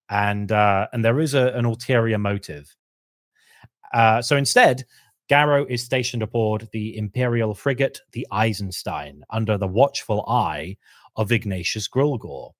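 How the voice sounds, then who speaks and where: Man, podcast co-host, casual lore chat, slips into character asides, low voice, dry studio sound. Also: lively intonation, dry recording. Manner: chatty, acts out characters' lines in quick asides.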